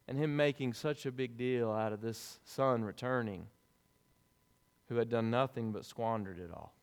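A man preaching a sermon as pastor, in a lively, conversational way with casual asides, in a church sanctuary. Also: medium pitch, normal speed, smooth. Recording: long reverb of a large hall.

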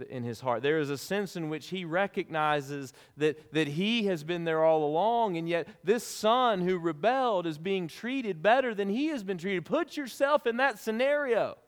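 Animated preacher man, ringing hall. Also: a little high. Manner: conversational, animated preaching with casual asides. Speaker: pastor. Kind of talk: sermon. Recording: long reverb of a large hall.

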